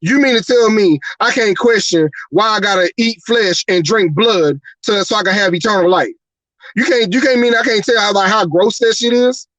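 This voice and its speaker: A man's voice: high-pitched, normal speed, fairly bright tone, no echo, low-quality recording. A man hosting a live talk show, ranting angrily and profanely, firing off one rhetorical question after another. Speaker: host. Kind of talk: heated live-show rant.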